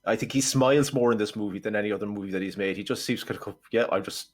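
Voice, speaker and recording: Lowish voiced dude on a podcast being wry about a movie. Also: male voice, rapid-fire, a little mellow. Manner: wry, opinionated, acts out quips. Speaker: podcast co-host. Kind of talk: casual film review chat.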